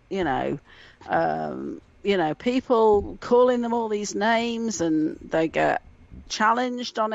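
Chatty woman with a lively voice. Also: mid-range voice, gravelly, dry recording, muffled recording. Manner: chatty, laughs often, swears casually. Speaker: guest. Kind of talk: casual video-call chat.

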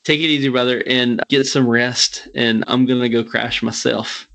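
A man from Alabama hosting a podcast, with a gentle Southern accent. He speaks in a slow drawl and stretches his words. His tone is easygoing and conversational, at a mid pitch. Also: steady tone, vocal fry. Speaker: podcast host. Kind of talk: casual interview chat.

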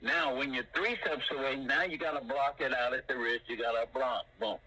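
An older man teaching martial arts in an animated way, punctuating his points with sound effects like boom and bam. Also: brisk, slightly rough, poor audio.

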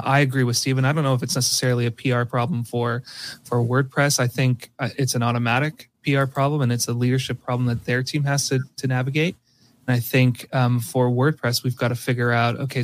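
A man on a tech talk panel giving his view in a measured way, hedging with "I think". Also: medium pitch. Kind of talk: casual discussion.

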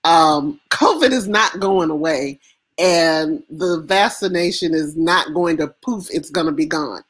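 Casting: American woman, lower register, emphatic and impassioned interview guest, frequent restarts. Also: unhurried, slightly rough. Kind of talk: emotional interview conversation.

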